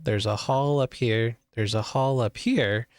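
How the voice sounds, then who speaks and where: A man narrating as game master of a tabletop game over an online call, describing scenes in an unhurried way with many fillers. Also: medium pitch.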